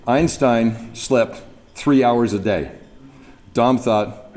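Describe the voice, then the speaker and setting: At a memorial event, a man from New Brunswick, Canada, stands at a podium sharing anecdotes, chuckling and imitating others as he goes. His medium-pitched voice is slightly mellow and very slow, picked up by a mic amid background noise.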